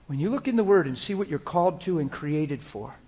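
A man preaching a sermon to a congregation in a conversational way, moving between quiet prayerful passages and playful, laughing stories. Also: on the high side, lively intonation, fairly quick, husky. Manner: conversational, shifts into soft spoken prayer and playful storytelling. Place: church room before a congregation.

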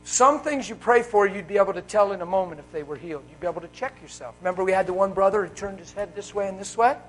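High-voiced fervent male preacher. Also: quick pace, rough recording. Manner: fervent, swings from loud exclaiming to hushed. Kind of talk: live sermon. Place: church service. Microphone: wearing a mic.

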